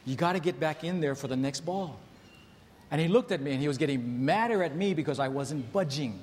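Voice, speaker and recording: A man in his thirties preaches to a congregation in a conversational, storytelling way and keeps asking them rhetorical questions. His voice sits a little high for a man. The sermon rings with a long hall reverb over faint room ambience. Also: fairly quick, darkish tone, a little hiss or hum. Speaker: pastor.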